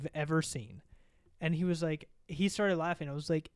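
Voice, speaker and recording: A young man in casual podcast chat, rambling through a profane, animated story. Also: on the high side, fast talker, smooth.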